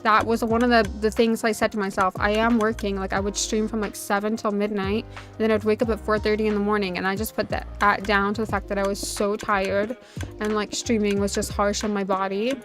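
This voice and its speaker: A woman chats casually while streaming a game from her home setup, rambling through a story with frequent "like" fillers. She speaks at a middling pitch into a desk microphone, with soft music playing faintly underneath. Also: flat delivery, fairly quick. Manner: chatty storytelling, full of "like" fillers. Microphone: desk USB microphone. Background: faint background music.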